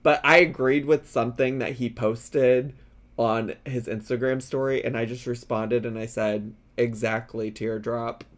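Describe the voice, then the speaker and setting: A man hosting a reaction video, giving casual, playful commentary with frequent giggles and drawn-out asides. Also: mid-range voice, fairly even intonation.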